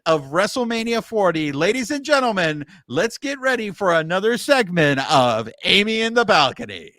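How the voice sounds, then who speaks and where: A man co-hosting a podcast, explaining things at length in casual, animated chat with filler words. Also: high voice, moderate pace, dry recording, clean studio sound. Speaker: podcast co-host.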